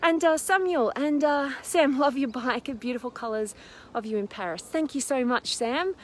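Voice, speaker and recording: A woman's voice: sits high, moderate pace. A woman hosting a live stream while walking up a steep hill outdoors, out of breath, bubbly and full of fillers as she reads out viewer comments. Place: outdoors in a windy park on a hill. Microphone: phone camera held while walking. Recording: faint outdoor noise.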